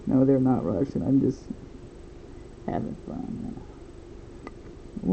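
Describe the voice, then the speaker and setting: A man's voice: medium pitch, slow pace, vocal fry, phone-quality sound, a little hiss or hum. A man in his twenties chatting casually and rambling while he draws a comic. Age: 20s. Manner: rambling, thinking aloud. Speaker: comic artist. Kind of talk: casual chat while drawing.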